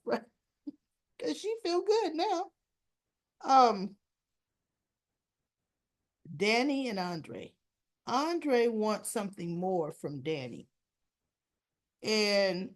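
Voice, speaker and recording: A woman recapping a soap opera episode in casual, gossipy chat, acting out the characters' lines as she goes. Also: medium pitch. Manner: acts out the characters' lines in quick asides, chatty and gossipy.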